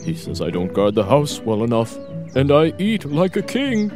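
A gloomy old storybook dog, as a man puts him on, mournful in tone with a lively rise and fall in his voice. Soft music plays underneath. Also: medium pitch, moderate pace, pitched above the performer's own voice. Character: gloomy old male dog, a proud howler.

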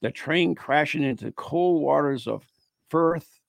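Gravelly joking man reading ghost stories. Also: on the high side, a little slow, dry recording. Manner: joking, playful, mock-grim asides. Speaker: podcast co-host. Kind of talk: casual chat, reading ghost stories aloud.

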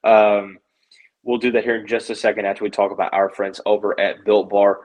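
Man, sports podcast host, lowish voice, casual rambling analysis, frequent fillers and restarts. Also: little pitch movement, a little fast, darkish tone, poor audio. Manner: rambling, filler-heavy, self-correcting.

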